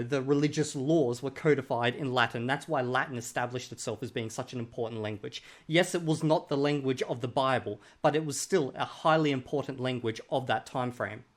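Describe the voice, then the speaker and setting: A man hosting a reaction video, commenting sarcastically and mockingly on a clip he reviews. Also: medium pitch.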